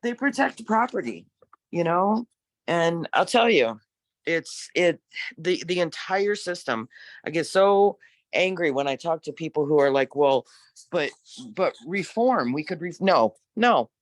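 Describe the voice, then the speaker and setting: A man who once worked as a corrections nurse, telling stories in a casual discussion with emphatic, animated delivery and frequent laughs. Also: a little high, measured pace, no echo. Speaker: former corrections nurse, guest.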